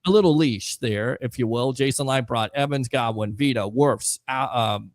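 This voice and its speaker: A man's voice: mid-range voice, normal speed, no room sound. A man hosting a casual live sports talk show, reading out viewer comments in a chatty way with frequent fillers.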